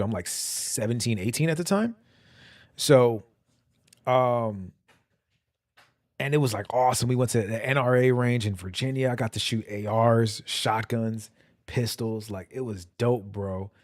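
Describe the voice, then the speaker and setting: Young male streamer, low-pitched and relaxed, chatty slang-heavy storyteller, dry close mic. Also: no echo. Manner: loose, slangy, rambling, laughs often. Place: home.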